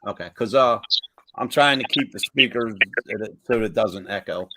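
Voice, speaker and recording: A man's voice: on the low side, moderate pace, sharp tone. A man being interviewed as a guest author on a live online show, talking in an easygoing way that drifts off course. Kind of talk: interview answers. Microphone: video call.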